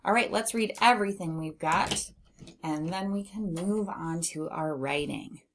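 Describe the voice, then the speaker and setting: A woman's voice: fairly low pitch, expressive, a little slow, fairly bright tone. A woman teaching a phonics lesson to young readers, patiently spelling out letters and sounding out words as she reads. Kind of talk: teaching early readers, reading aloud.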